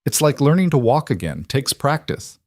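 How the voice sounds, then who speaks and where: A man voicing a gentle, caring woman on a ranch in a soft, reassuring way. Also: medium pitch, big pitch swings, moderate pace, no room sound, studio quality, voice pushed up.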